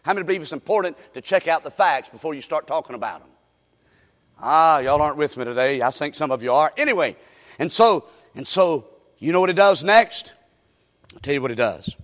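A man preaching an animated storytelling sermon, often asking the congregation questions. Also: fairly high pitch, fairly quick. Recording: echoey hall recording.

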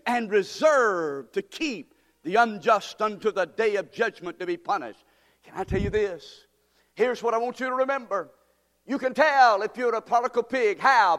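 Man, pastor, sermon, high-pitched, emphatic preaching, echoing church hall. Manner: emphatic preaching, swelling louder and higher on key words.

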